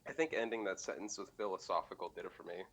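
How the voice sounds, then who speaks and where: Laughing, swearing male co-host, low voice. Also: fast talker, a bit bright, breathy edge. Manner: laughs often, heavy swearing. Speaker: podcast co-host. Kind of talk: casual chat.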